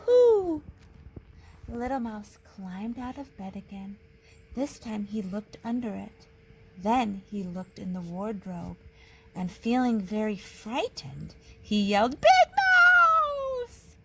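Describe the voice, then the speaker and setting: Teacher lady reading a kids book, slow and bouncy, faint room hum. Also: mid-range voice, low-quality recording. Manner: slow, expressive storytelling. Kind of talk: reading a picture book aloud.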